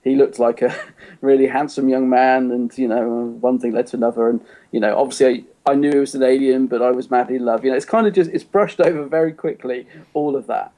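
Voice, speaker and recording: A man's voice: mid-range voice, fairly even intonation, brisk, mellow. A man co-hosting a podcast, chatting casually about an episode, rambling with lots of "you know" and restarts. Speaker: podcast co-host. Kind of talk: casual chat reviewing an episode.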